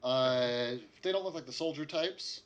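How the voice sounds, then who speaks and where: A man's voice: medium pitch, a little slow. A man narrating a tabletop game as game master, casual and full of fillers.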